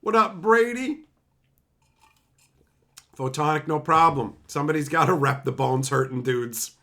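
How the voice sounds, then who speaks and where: Man, streamer, sarcastic, profane, bright tone, casual chat. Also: a little high, a little slow. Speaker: streamer opening card packs.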